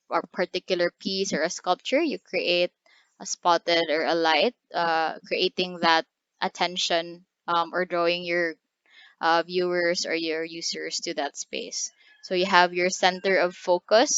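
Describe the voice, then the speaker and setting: Woman teaching design, lots of um and uh, kinda low smooth voice, dry lo-fi sound. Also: fairly bright tone, no echo. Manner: halting, many fillers and restarts. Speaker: lecturer. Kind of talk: design lecture over slides. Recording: dry, dull lo-fi recording.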